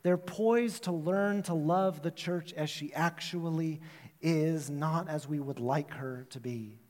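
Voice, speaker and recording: Male pastor, high voice, preaching in a church with long hall reverb, chatty storyteller. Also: a little mellow. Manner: storytelling, conversational with quick asides. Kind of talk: sermon.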